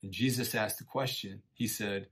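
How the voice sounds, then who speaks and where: A middle-aged man teaching a church lesson in a relaxed, folksy way, encouraging listeners and often saying "man" and "you know.". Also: fairly low pitch, moderate pace, slightly rough. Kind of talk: casual conversational sermon.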